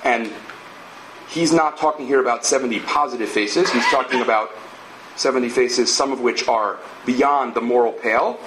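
Measured male lecturer in an echoey room. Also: medium pitch, background noise. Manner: measured, explanatory, thinks aloud with asides and tag questions. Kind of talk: academic lecture.

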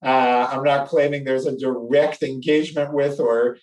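A man teaching a text study lecture, animated and acting out the story, checking in with his listeners. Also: mid-range voice, moderate pace, recorded from a distance. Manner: animated, acts out the story, asks "right?" often. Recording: roomy echo, speaker away from mic.

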